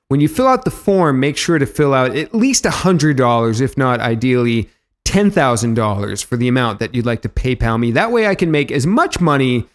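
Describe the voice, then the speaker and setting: Male podcast host, dry comic delivery, animated intonation. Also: normal speed. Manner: deadpan, mock-sincere pitch for money. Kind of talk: comedic podcast intro.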